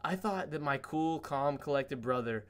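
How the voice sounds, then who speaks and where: A man's voice: fairly high pitch, expressive, a little slow, fairly bright tone, clear, resonant tone. A man hosting a casual podcast, telling long rambling stories packed with "like" fillers and swearing. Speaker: podcast host.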